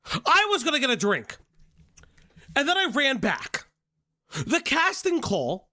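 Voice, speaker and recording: Animated, swearing live-stream reactor. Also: sits high, takes it slowly, pauses often. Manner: profane, exasperated ranting.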